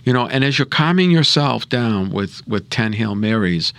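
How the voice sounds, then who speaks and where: A man's voice: medium pitch, expressive, normal speed, creaky, dry recording. A man giving an earnest, conversational reflection on scripture and prayer, often repeating words and saying "you know.". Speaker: co-host of a Catholic scripture reflection show.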